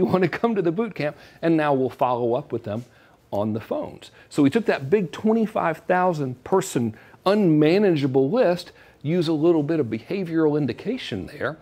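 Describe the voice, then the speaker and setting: A man's voice: a little high, animated, brisk, a little mellow, husky. A man giving a joking, salesy marketing talk straight to camera. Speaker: online marketing presenter.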